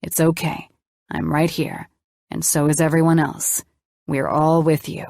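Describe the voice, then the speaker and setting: A woman voicing a calm, tender man who speaks soothingly to calm someone down. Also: sits low, a little slow, creaky, dry recording. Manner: soothing and gentle.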